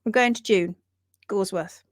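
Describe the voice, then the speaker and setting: A woman's voice: mid-range voice, a little slow, no echo, studio quality. A woman hosting a livestream about hoof trimming, talking in emphatic, indignant bursts and reading out viewer comments. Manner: animated, emphatic, indignant rants.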